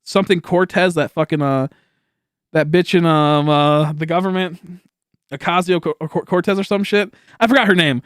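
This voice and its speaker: A man's voice: fairly high pitch, steady tone, moderate pace, fairly bright tone, clear, resonant tone, dry recording, clean studio sound. A young man streaming, telling a story in a rambling, casual way with lots of swearing and laughter. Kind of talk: casual livestream chat.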